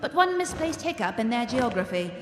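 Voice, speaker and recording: A woman's voice: on the high side, sing-song, brisk, background noise. A woman playing a chatty posh dragon breeder. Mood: enthusiastic. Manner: chatty, enthusiastic, genteel. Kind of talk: live radio theatre acting. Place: stage in a large hall. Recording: echoey hall recording with music behind.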